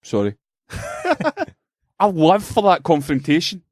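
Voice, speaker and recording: Scottish male co-host, middle-aged, lively sweary raconteur, dry close mic. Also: a little high, takes it slowly, no room sound. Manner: animated storyteller, swears freely and acts out voices. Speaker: podcast co-host. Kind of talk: casual comedic chat.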